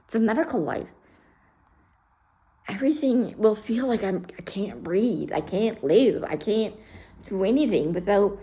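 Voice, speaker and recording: A woman speaks at medium pitch in a warm, expressive, unhurried way, leaving long pauses. Retired from fire rescue work, she narrates her own story in a casual vlog with blunt candor, profanity, and a mix of humor and raw emotion. Scenes come back to life as she voices both sides of each exchange.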